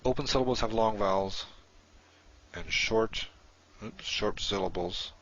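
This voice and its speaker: A man's voice: fairly low pitch, measured pace, a bit bright, muffled recording. A man teaching a recorded lesson, explaining step by step and correcting himself as he goes.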